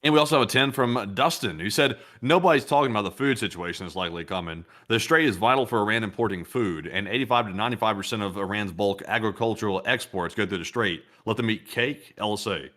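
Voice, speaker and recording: Quick man reading viewer messages. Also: on the low side, fairly bright tone. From US South. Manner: reads messages aloud, then reacts in a chatty way. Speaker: co-host reading viewer comments. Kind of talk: casual talk reading viewer comments.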